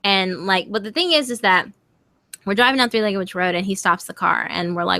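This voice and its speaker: A young woman telling a scary story to her stream in a casual, animated way, swearing freely. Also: medium pitch, a little fast. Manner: animated, swearing, quotes friends in voices.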